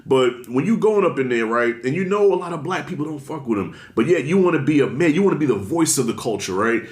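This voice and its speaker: A man giving blunt, animated commentary in a casual vlog, talking with heavy slang and strong emphasis. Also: on the high side, quick pace. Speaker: commentary vlogger. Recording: roomy echo.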